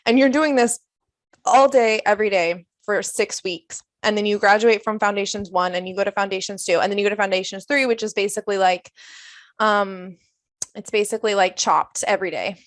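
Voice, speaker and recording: A woman's voice: mid-range voice, a little fast, dry recording, clean studio sound. A woman in her twenties, a chef, telling stories casually as a podcast guest, with lots of "like". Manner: chatty storytelling, heavy use of "like". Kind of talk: casual interview chat.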